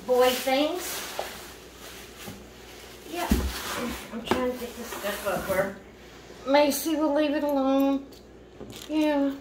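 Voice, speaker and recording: Woman vlogger, unhurried and effusive, noisy home recording. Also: high voice. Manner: gushing, repeatedly thanking and exclaiming. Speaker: vlogger unboxing a doll. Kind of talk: casual unboxing chat. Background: household noise, dog barking.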